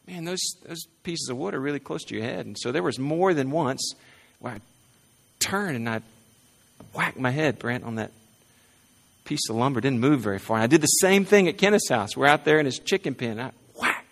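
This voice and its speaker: A man's voice: mid-range voice, animated, moderate pace, gravelly. Conversational male pastor in a reverberant church. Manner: conversational, asks "right?" often, repeats phrases. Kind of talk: sermon. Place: church sanctuary.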